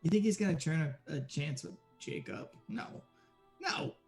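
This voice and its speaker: Higher-voiced matter-of-fact male player. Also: lively intonation, moderate pace, gravelly, a little mellow, soft background music.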